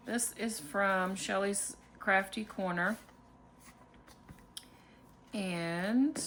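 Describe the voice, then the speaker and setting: Slow, calm woman budgeting vlogger. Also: medium pitch, a little hiss or hum. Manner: calm, unhurried, counting money aloud. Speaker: budgeting channel host. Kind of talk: casual cash-stuffing vlog narration.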